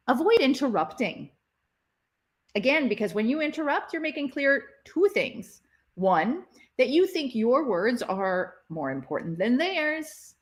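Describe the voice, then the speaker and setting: A woman teaching relationship communication in a live session, chatting to her viewers as she explains. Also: a little high. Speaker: relationship educator. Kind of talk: live interactive workshop session.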